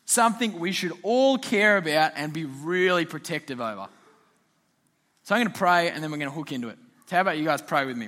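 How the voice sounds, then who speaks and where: Bright chatty man. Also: a little high, lively intonation, a little fast. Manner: chatty storyteller, laughing often. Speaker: youth pastor. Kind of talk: casual youth talk.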